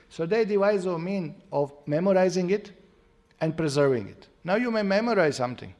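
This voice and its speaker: A man's voice: fairly high pitch, vocal fry, a little mellow. A middle-aged man giving a devotional class lecture in non-native English, explaining with recitations and counting drills.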